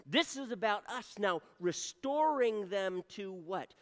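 A man preaching a sermon to his church. He shifts from loud appeals to soft, hushed lines. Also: high-pitched, animated, takes it slowly, big-room sound. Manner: earnest preaching, swings from loud appeals to soft near-whispers. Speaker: pastor.

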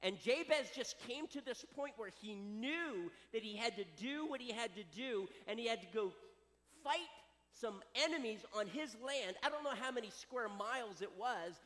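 A man preaches a sermon with a high, lively voice that swoops up and down. He delivers it with dramatic flair in a hall with a long echo. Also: moderate pace. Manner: animated, dramatic preaching with acted quotes. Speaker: pastor.

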